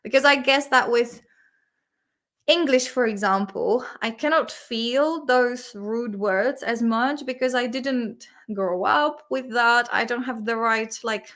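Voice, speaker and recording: A woman's voice: a little high, slow pace, fairly bright tone. A young woman with a Czech accent, a native Czech speaker, hosting a casual chat and often breaking into giggles. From Czech Republic. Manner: giggly, chatty, lots of fillers. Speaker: host.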